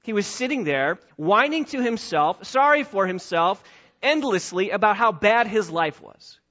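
High-pitched guy preaching a sermon, gets soft then loud, sounds kinda dull and lo-fi. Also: lively intonation, measured pace. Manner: emphatic preaching, swings between soft asides and raised lines. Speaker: pastor.

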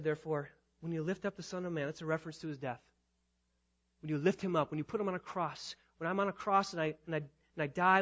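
A high-pitched man preaching with rising force, driving phrases home through repetition and swelling to loud peaks. The recording sounds dull and lo-fi. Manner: emphatic preaching, repeats phrases, rises to loud climaxes. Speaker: pastor. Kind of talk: sermon.

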